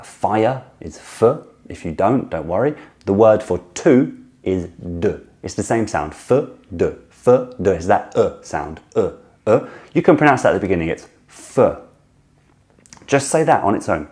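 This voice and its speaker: Guy teaching french sounds, kinda low mellow voice, repeats each sound slow and keeps encouraging you. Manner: demonstrates sounds slowly and repeats them, encouraging. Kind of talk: casual video lesson with drills.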